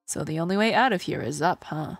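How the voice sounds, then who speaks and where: A woman's voice: deep voice, expressive, a little fast, gravelly, husky, faint music behind, heavily acted. A woman reading aloud for a wry male ghost from a game, plainly and dryly.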